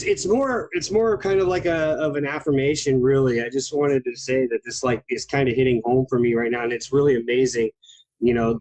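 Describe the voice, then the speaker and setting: A man with a mid-range voice sharing with his group on a call. He speaks in a halting, heartfelt way, searching for his words. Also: mid-range voice, a little mellow, low-quality recording. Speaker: group member.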